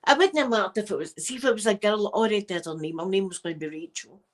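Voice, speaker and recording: A middle-aged woman with a Scottish accent, hosting a live stream and chatting casually to viewers in an animated, self-mocking way. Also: medium pitch, rapid-fire. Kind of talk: casual chat storytelling to viewers.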